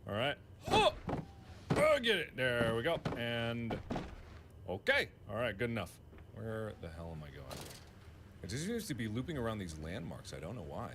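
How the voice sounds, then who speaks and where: Guy talking himself through a spooky game, pitch all over the place, jokey, bit of hiss behind. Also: very animated, moderate pace. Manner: chatty, joking, talks to himself and the game. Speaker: gamer playing a horror game. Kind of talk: casual solo game commentary.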